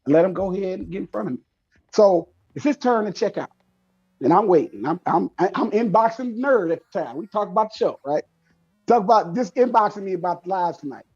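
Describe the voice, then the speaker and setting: Husky-voiced man telling a story. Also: high-pitched, a little fast, dull audio. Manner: animated, acts out the people in his story. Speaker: show co-host. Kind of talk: casual storytelling chat.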